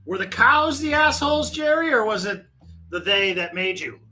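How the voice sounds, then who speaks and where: A man's voice: high-pitched, expressive, moderate pace, rough recording. A man hosting a late-night livestream, chatting casually in a rambling, laid-back way with lots of swearing. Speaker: musician and livestream host. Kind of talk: casual profane chat between organ jamming. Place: studio. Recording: loud organ music behind. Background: Hammond organ playing.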